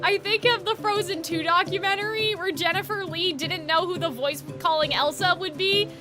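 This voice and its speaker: A woman's voice: very high voice, moderate pace. A woman streaming a video game, rambling through casual commentary, swearing freely and laughing at her own jokes. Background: game music.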